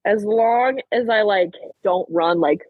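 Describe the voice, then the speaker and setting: A husky-voiced young woman in her late teens, telling a story as a podcast guest, talking quickly and filling every pause with "like". The sound is close and dry, with almost no room around her voice. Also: medium pitch, dry recording, phone-quality sound. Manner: chatty, peppered with "like", animated retelling. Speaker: podcast guest, track athlete. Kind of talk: casual storytelling interview.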